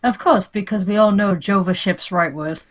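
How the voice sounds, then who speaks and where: A woman's voice: mid-range voice, moderate pace, crowd noise. A woman with a Welsh accent chatting casually during a game commentary with friends. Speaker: let's play co-host.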